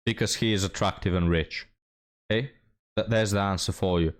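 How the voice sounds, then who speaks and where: A man with a fairly low voice gives a reaction commentary. He speaks bluntly and mocks freely, with plenty of swearing. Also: fairly even intonation, fairly quick. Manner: blunt, mocking, profane. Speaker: commentary host.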